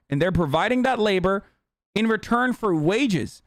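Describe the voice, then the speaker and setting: Male streamer, fired-up profane rant, fairly high voice, dry close sound. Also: lively intonation, normal speed, no echo. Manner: heated, profane, ranting. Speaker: streamer reacting to a clip. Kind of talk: casual profane reaction commentary.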